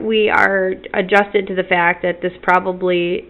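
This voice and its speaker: A woman's voice: on the low side, flat delivery, fairly bright tone, poor audio. Woman telling a personal story. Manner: fast, tearful retelling with acted quotes. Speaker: vlogger.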